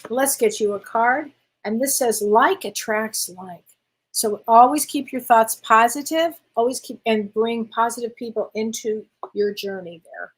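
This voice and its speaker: A woman's voice: fairly high pitch, a little slow, husky, rough recording. An older woman, a spiritual medium, chatting casually as she reads viewer questions aloud and answers them, laughing often. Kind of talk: live Q&A, reading viewer comments.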